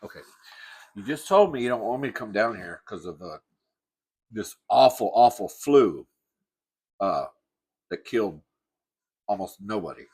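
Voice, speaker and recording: A man's voice: on the low side, lively intonation, unhurried, pauses often, a little mellow, slightly rough. A man hosting his own show, ranting to the camera in a sassy, profane way while eating. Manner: sassy, profane, calls listener "girl". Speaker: host. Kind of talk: comic rant to camera.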